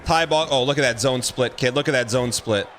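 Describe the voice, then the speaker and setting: A man streaming a football video game, giving excitable running commentary and repeating phrases as he plays. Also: medium pitch, brisk, a little hiss or hum. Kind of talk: live gameplay commentary.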